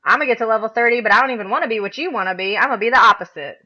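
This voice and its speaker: A woman's voice: a little high, rapid-fire, sharp tone. A woman co-hosting a casual podcast, talking animatedly and laughing as she acts out what other players say. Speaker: podcast co-host. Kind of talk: casual chat. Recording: dull lo-fi podcast recording.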